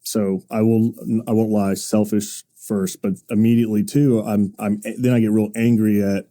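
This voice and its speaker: A man in his thirties on a podcast, telling a personal story in halting, earnest bursts with frequent restarts. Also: fairly low pitch, level tone, dark tone. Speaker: podcast co-host. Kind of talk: casual podcast chat.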